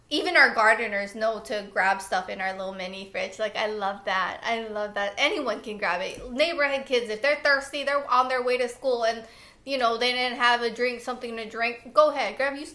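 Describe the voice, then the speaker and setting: Bright-voiced chatty young woman vlogging. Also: mid-range voice. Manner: chatty and excitable, laughs often. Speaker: lifestyle vlogger. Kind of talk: casual favorites chat. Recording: echoey room.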